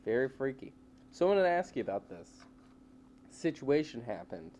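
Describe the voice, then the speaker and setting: A man co-hosting a casual comedy podcast, telling a story in an animated way and acting out the voices. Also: mid-range voice, normal speed, slight background noise. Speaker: podcast co-host.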